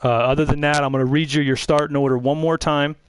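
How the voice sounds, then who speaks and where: A man running a pre-race drivers' briefing for an online racing league, relaxed and rambling, with frequent restarts. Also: fairly high pitch, fast talker, clear, resonant tone, rough recording. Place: online voice chat.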